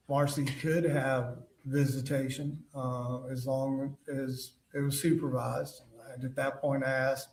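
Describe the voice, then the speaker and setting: A man giving witness testimony in court, telling his story haltingly with lots of fillers and restarts. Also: medium pitch, a little mellow. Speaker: trial witness. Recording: roomy, distant courtroom mic.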